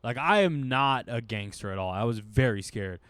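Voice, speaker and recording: A man's voice: mid-range voice, normal speed, smooth, dry recording. A man rambles through a story in a casual chat, jumping into the voices of the people in it. He sounds like a guest comedian on a podcast. His voice is recorded close and dry, with no room sound. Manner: rambling, animated, acts out quotes.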